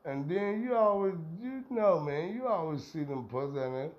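A man's voice: fairly high pitch, lively intonation, normal speed. A middle-aged man hosting a podcast, ranting in a heated, profane, rambling way. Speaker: podcast host. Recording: dull lo-fi sound.

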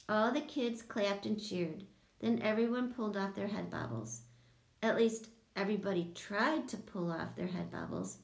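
A woman's voice: mid-range voice, very animated, normal speed, creaky, echoey room. A woman narrating a children's audiobook, switching into voices for each character.

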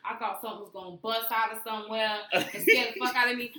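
A woman co-hosts a casual podcast, dishing blunt, profane gossip. Her voice is bright and slightly high, and it echoes noticeably off the room. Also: fairly even intonation, quick pace. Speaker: podcast co-host. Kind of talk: casual chat.

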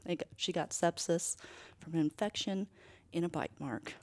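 Animated woman podcast co-host, lower voice. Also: normal speed. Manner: animated, swearing, emphatic asides. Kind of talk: casual chat.

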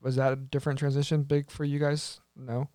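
A man's voice: mid-range voice, little pitch movement, fairly quick, warm tone, no room sound, studio quality. A man co-hosting a podcast who gives blunt, emphatic opinions on a movie in casual chat. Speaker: podcast co-host.

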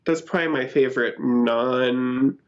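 A man co-hosting a casual gaming chat, enthusiastic and quick to giggle. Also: medium pitch. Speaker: podcast co-host. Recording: dull lo-fi sound.

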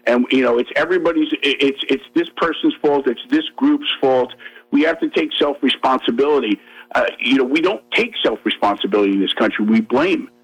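A male guest on a radio talk show argues his case emphatically, talking fast and repeating himself over a faint music bed. His voice is medium-pitched, husky and expressive, and the audio quality is poor.

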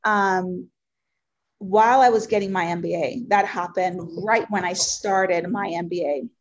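A woman in her forties whose first language is Spanish, telling her life story as an interview guest in an earnest, heartfelt way, with many ums and pauses. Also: lowish voice, dull audio. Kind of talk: personal life story in conversation.

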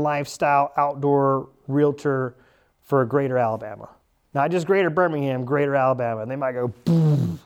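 A man's voice: a little high, clear, resonant tone. A man, coaching a class of real estate agents in a classroom and acting out the conversations they might have. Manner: animated, acts out imagined conversations. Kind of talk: classroom training talk.

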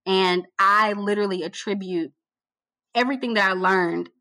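A woman being interviewed about her work as a TV producer, telling her story in a casual, animated way and repeating phrases for emphasis. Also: mid-range voice, moderate pace, no room sound. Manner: colloquial, addresses listener as girl. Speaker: guest, TV producer.

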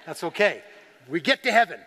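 A man's voice: high-pitched, sing-song, brisk, bright, forceful tone. A Canadian man preaching a sermon, telling earnest stories and rising to emphatic declarations. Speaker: guest speaker on persecuted church. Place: large church. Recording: long reverb of a large hall.

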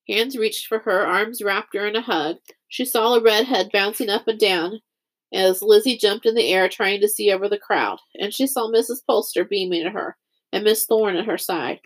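A woman's voice: mid-range voice, moderate pace. Woman narrating a story steadily. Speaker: audiobook narrator. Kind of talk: scripted narration.

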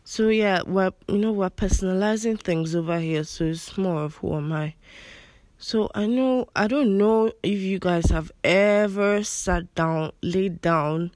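A woman's voice: mid-range voice, measured pace, darkish tone, no room sound, studio quality. A young woman with a Nigerian American accent, hosting a solo podcast in a chatty, self-deprecating, rambling way. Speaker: podcast host. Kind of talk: casual solo podcast talk.

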